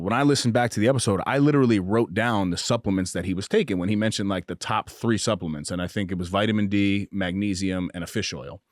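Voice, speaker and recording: A man's voice: fairly low pitch, dry recording, studio quality. A young man hosting a podcast in a booth, chatting casually with upbeat energy and plenty of fillers and restarts. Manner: upbeat, hyped shout-outs, frequent fillers and restarts. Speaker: podcast host.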